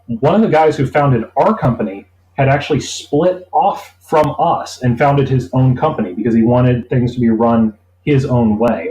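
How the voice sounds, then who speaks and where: A man telling a long anecdote in a relaxed interview, rambling and acting out the people he quotes. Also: medium pitch. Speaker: interview guest. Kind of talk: casual storytelling. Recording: roomy echo.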